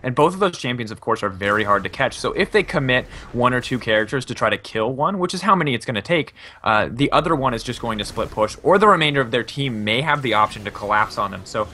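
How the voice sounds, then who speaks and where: A man doing color commentary on a live esports match, talking quickly in a bright, forceful voice. He breaks down decisions and mistakes analytically, with casual fillers between his points. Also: medium pitch, animated, slight background noise. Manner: analytical, with frequent um and you know.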